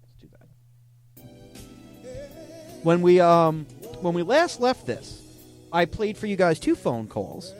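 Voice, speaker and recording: Animated man with a lively voice. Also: high-pitched, slow, pauses often, soft background music. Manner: animated, playful, mock-dramatic quotes. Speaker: podcast host reading scam chats. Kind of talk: comic storytelling, reading chat logs aloud.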